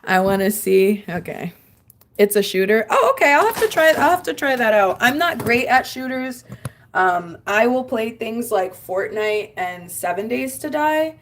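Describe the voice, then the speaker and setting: A woman livestreaming from home talks casually, responding to chat and telling off her dog between comments. Her voice is on the high side with big swings in pitch, her pace moderate, and there's background noise.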